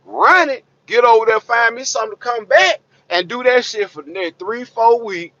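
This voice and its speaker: A man's voice: extremely high pitch, normal speed, bright, forceful tone, no room sound. A man, a trucker vlogger ranting to camera in a blunt, profane, streetwise way, preaching and repeating himself. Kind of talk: blunt unscripted rant to camera. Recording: dull lo-fi recording.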